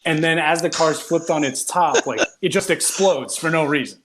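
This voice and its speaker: Speaking with a fairly high pitch at a moderate pace over slight background noise, a man co-hosting a film review podcast recounts a movie's plot. He is animated and chatty, laughing in amused disbelief at the film.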